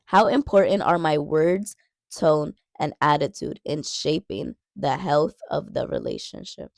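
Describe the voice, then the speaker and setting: A woman's voice: fairly low pitch, vocal fry, darkish tone, dry recording, clean studio sound. A young woman giving casual Christian dating advice, earnest and repeating key phrases for emphasis.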